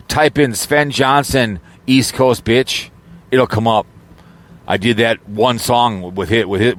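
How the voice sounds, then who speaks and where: A man's voice: mid-range voice, fairly bright tone. A man rambling casually in an audio vlog, joking around with lots of fillers and false starts, recorded in his car. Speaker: YouTuber.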